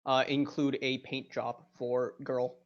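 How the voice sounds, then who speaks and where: A man playing in a tabletop game, describing things in a deliberate, halting way. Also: medium pitch, flat delivery, lo-fi sound. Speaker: player and streamer. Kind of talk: casual game chat.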